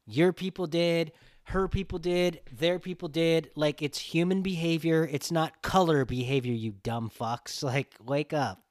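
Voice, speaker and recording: A man's voice: a little high, a little slow, no room sound, studio quality. A man hosting a podcast, talking bluntly in a profane, ranting casual chat. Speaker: podcast host.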